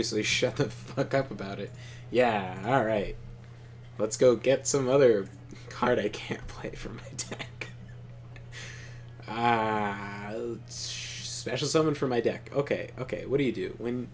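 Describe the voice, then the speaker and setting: This gaming channel co-host, a young adult, speaks at a measured pace in a mid-range voice, with a bit of hiss or hum present. As he plays he tells lively stories full of profanity and laughter, keeping the commentary casual.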